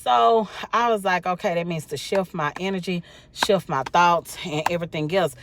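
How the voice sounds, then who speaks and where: A woman's voice: on the low side, normal speed, slight background noise. A tired, sleepy woman, rambling casually to her viewers with lots of fillers. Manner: rambling, chatty, many fillers. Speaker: vlogger. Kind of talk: casual talk to camera.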